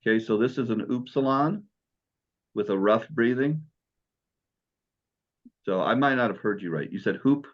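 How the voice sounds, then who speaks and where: A man's voice: mid-range voice, moderate pace, pauses often, dull audio. Patient male Greek teacher on a call. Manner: patient, encouraging, explains step by step. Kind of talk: online class teaching.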